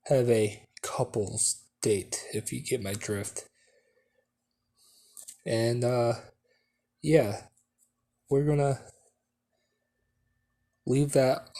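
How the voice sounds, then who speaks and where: Male storyteller, casual fan-story telling, slow and rambling. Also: medium pitch, dark tone. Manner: rambling, full of fillers and restarts.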